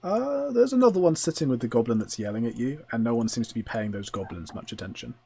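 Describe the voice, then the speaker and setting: A man narrating a tabletop game as game master, describing scenes at length with many pauses. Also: medium pitch, expressive, creaky, dark tone, slight background noise.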